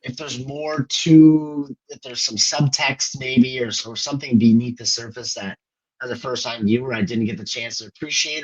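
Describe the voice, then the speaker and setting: A man co-hosts a film podcast, his voice at an everyday middle pitch. He talks in loose, hesitant runs, feeling his way toward each point, and the recording sounds slightly dull and lo-fi. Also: fairly bright tone. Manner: rambling, hesitant, searching for words. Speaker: podcast co-host. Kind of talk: casual film discussion.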